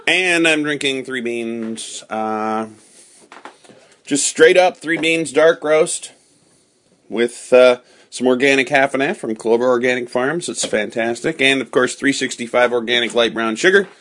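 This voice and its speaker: A cheerful man talking casually on a home podcast, middle-pitched and easygoing. He coaches and encourages like a patient teacher, repeating words slowly and praising often. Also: a bit bright. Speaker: home podcast host, parent teaching a child.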